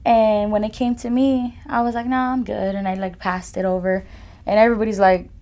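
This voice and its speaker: A woman's voice: medium pitch, little pitch movement, brisk, mellow. A young woman giving a personal testimony as a podcast guest, talking casually with frequent "like" and "you know" fillers. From California.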